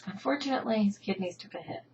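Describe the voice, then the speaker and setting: A woman's voice: mid-range voice, quick pace, darkish tone, highs cut off, slight background noise. A middle-aged woman from New Jersey telling her family story, emotional and heartfelt, her voice sometimes dropping to a whisper. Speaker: patient advocacy founder. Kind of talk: personal story to camera.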